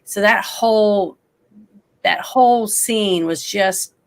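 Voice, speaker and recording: A woman's voice: mid-range voice, takes it slowly. A woman talking about a movie in a casual chat, emotional and rambling, often trailing off and restarting. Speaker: guest.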